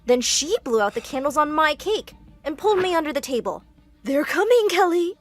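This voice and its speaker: A woman narrates a cartoon drama in the first person with an animated, expressive delivery. Her high voice swings widely. Faint music plays beneath her. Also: a little fast.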